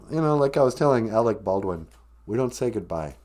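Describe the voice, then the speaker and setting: A man's voice: on the low side, brisk. Sarcastic man hosting a podcast. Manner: deadpan, sarcastic, meandering. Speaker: podcast host. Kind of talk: rambling comic podcast talk.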